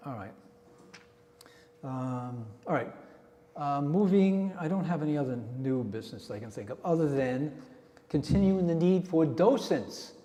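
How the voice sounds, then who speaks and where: A man's voice: a little high, expressive, a little slow, mellow. Chatty man leading a club meeting in an echoey hall. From New Jersey. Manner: chatty, rambling storyteller. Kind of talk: casual meeting talk. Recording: echoey hall with long reverb.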